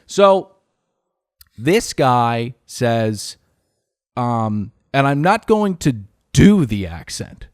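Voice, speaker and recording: A man's voice: mid-range voice, very animated, extremely slow, clean tone, no echo, clean studio sound. A man co-hosting a podcast, telling a story in a casual, exasperated way and swearing freely. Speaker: podcast co-host.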